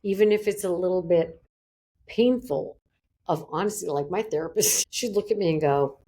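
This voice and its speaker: Woman, lowish voice, middle-aged, psychologist guest, animated, acts out voices. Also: moderate pace. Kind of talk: podcast interview.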